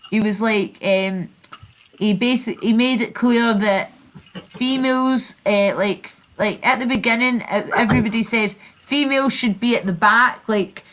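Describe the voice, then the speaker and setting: A woman's voice: a little high, a bit bright. A Scottish woman hosting a casual chat stream, rambling and swearing as she retells online feuds. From Scotland. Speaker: channel host.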